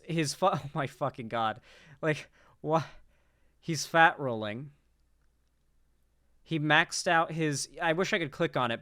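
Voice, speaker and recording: A man's voice: a little high, a bit bright, smooth, no echo, studio quality. A young man giving casual, profane, incredulous reaction commentary on a political clip.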